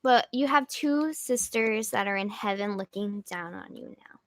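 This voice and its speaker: A woman's voice: medium pitch, expressive, measured pace, no echo. A young woman hosting a casual livestream, chatting and rambling with jokey asides as she reads viewer comments. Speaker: livestream host.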